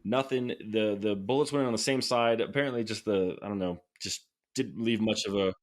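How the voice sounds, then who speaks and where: A man tells a story on a podcast in a casual, animated way. He gets excited as he talks, laughs along, and often restarts his sentences. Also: fairly low pitch, fairly quick. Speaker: podcast guest.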